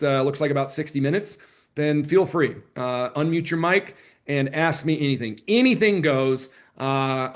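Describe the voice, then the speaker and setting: Man, sales trainer, video call mic, energetic, chatty, slightly high voice. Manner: energetic, chatty, self-deprecating. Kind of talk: live online training session. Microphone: computer mic on a video call.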